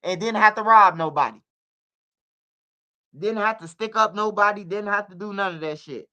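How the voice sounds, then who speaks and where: A man's voice: high voice, normal speed, bright, forceful tone, smooth. A man hosting a casual livestream, emphatic, repeating himself and swearing freely. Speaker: streamer and channel host.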